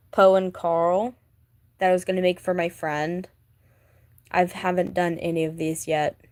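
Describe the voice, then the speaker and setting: A woman vlogger with a mellow, mid-range voice chats casually about her sketchbook. She rambles with plenty of fillers and gushes like a fan.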